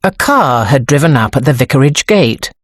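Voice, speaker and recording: A woman with a low voice narrates an audiobook in a measured, expressive way. Her pitch rises and falls widely, and the close studio recording is dry. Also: dry recording. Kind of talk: scripted narration.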